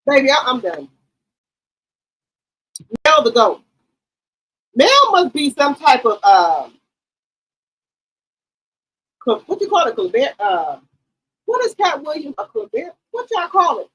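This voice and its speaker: A woman hosting a gossip channel, giving casual, loud, profane commentary on reality TV and talking straight to her chat. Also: sits high, huge pitch swings, a little slow, long pauses, poor audio. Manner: loud, profane, emphatic hype.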